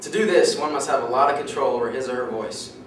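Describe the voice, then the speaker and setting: A young man giving a prepared class speech, reading steadily and clearing his throat now and then. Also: mid-range voice, quick pace, a little hiss or hum. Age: young adult. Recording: echoey classroom from far off.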